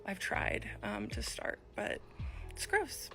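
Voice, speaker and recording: A woman's voice: very deep voice, wildly swooping pitch, slow, creaky, music in the background. A woman telling a personal story in confessional style, acting out the dialogue she quotes. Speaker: video storyteller.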